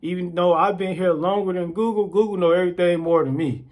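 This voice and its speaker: In a casual on-camera rant, a man storytells with energy, impersonating the people he quotes and repeating words. His voice sits high, and he talks a little fast.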